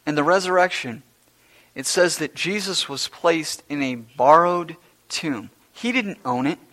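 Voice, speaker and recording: A man preaching a sermon to his congregation, emphatic and repetitive, shifting between hushed asides and loud declarations. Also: a little high, animated, unhurried. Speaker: pastor. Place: church service before a congregation.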